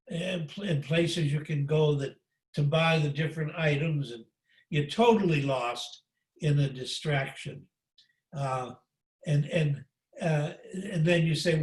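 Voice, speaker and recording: An older man giving an unscripted spiritual talk as a monk, halting with many fillers and restarts, over a video call. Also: a little high, fairly even intonation. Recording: echoey room, distant from the mic.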